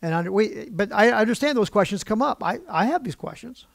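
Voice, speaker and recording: A man preaching from the pulpit to his congregation, conversational and openly emotional, often putting questions to the room. His voice sits a bit high with a gravelly edge. The recording is close and dry. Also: expressive, brisk, no echo. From United States. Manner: emotional, gets worked up. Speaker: pastor. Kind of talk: sermon. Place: church pulpit.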